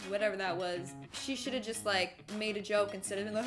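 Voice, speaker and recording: A woman's voice: mid-range voice, fairly quick, soft background music. A woman hosting a clip reaction video, chatting casually with slang and giggles. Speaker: host reacting to clips.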